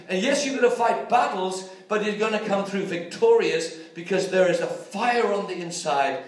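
A man's voice: high-pitched, moderate pace, few pauses, heavy reverb, far from the mic, rough recording. A man preaching a sermon with growing fervour, urging his listeners. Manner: fervent preaching, rising to exhortation.

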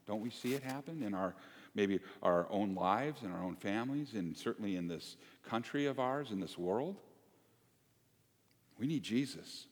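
A man preaching a sermon as pastor, conversational and animated, asking the congregation questions. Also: lowish voice, normal speed. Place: church sanctuary. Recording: long church reverb.

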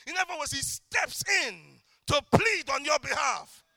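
A middle-aged male preacher delivering an impassioned sermon, swinging between shouted declarations and quiet, intimate asides. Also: extremely high pitch, lively intonation, moderate pace, gravelly, no room sound.

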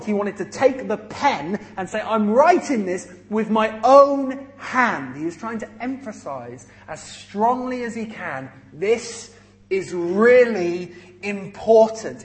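Guy preaching a sermon, higher voice, chatty but pushing his point hard. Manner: emphatic, conversational preaching with everyday examples.

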